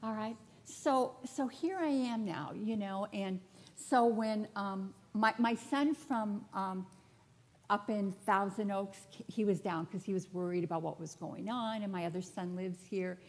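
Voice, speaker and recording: In a church sanctuary, a woman spiritual director delivers a personal sermon to the congregation in an unhurried, medium-pitched voice. She tells her own story candidly and chattily, with touches of humor.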